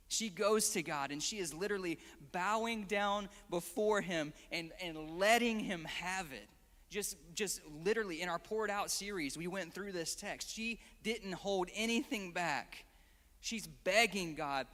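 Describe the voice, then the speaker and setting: A man's voice: high-pitched, bright, forceful tone. A young man preaching a sermon, impassioned, acting out prayers with rising emphasis. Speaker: pastor. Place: church hall. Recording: long hall reverb.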